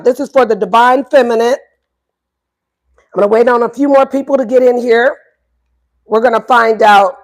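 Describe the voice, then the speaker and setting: A woman doing a casual livestream tarot reading, playful and profane, repeating her questions to the viewers. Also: on the high side. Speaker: tarot reader.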